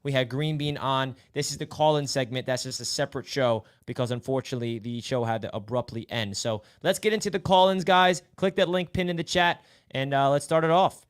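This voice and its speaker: A man's voice: medium pitch, a little fast, hardly any pauses, clean tone. A man hosting a live sports podcast stream, casually explaining and welcoming callers. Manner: upbeat, explanatory. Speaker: podcast host.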